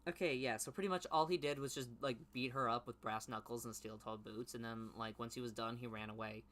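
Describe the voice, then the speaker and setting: A young man reading his old teenage story aloud in a low mumble, then breaking off into loud, mocking commentary. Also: fairly even intonation, brisk. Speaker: YouTuber reading his childhood writing.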